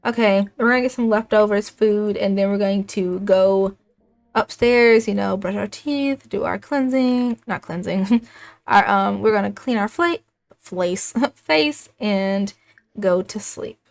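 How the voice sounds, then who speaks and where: A woman's voice: mid-range voice, measured pace, gravelly. A young woman giving casual commentary as she plays a life-sim game, chatting along and speaking her characters' lines in her own voice. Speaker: let's play gamer.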